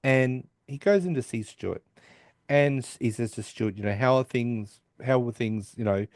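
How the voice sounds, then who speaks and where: A man in casual podcast chat, retelling a sitcom episode in a rambling way and quoting each character's lines with lots of restarts. His voice sits at an ordinary pitch and sounds dry and close, with no room around it. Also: moderate pace, darkish tone, no echo. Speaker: podcast co-host recapping an episode.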